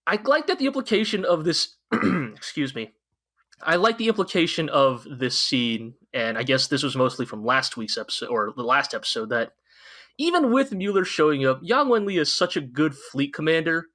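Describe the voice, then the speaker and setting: A man co-hosting a podcast, chatting about an anime in an excitable, rambling way, with frequent restarts and swearing. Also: a little high, normal speed. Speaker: podcast co-host. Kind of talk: casual anime review chat.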